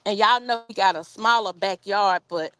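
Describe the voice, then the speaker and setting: In a dry recording, a woman's mid-range, slightly bright voice moves at normal speed. She's outdoors in her backyard hosting a casual gardening live stream on a tripod phone camera, reading viewer comments and saying "y'all."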